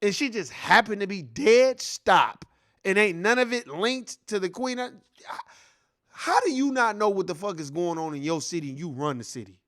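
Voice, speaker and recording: Heated high-pitched man ranting. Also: lively intonation, normal speed, fairly bright tone. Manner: heated, profane, repetitive. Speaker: reaction commentator. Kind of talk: casual ranting commentary.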